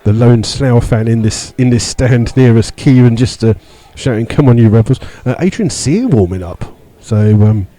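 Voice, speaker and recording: Guy doing live footy radio commentary from the stands, warm low-key voice, lots of uhs. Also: normal speed, hardly any pauses, rough recording. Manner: steady play-by-play with many fillers, rising in pitch when indignant. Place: stadium stand among fans.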